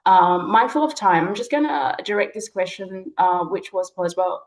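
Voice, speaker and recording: Gently spoken female webinar moderator. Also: fairly low pitch, expressive, normal speed, rough recording. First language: Nuer. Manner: warm, apologetic, thanking the speakers. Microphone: video call.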